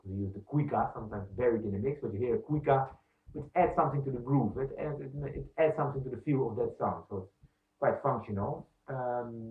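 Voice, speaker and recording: A man teaching percussion, explaining step by step with many fillers and counting beats aloud. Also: mid-range voice. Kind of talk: instructional demonstration. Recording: echoey room, distant mic, thin phone-like sound.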